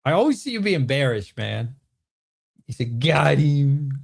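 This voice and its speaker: A man with an animated, bantering manner, hosting a casual livestream Q&A from home and answering chat comments. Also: medium pitch, normal speed, gravelly, slightly rough. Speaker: host.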